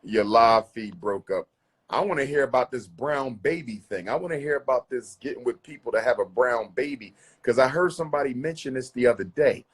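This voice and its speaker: A man's voice: mid-range voice, a little fast, slightly rough. A man hosting a live call-in stream, talking casually and emphatically with his callers. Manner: emphatic, calls callers queen. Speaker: live talk show host taking callers.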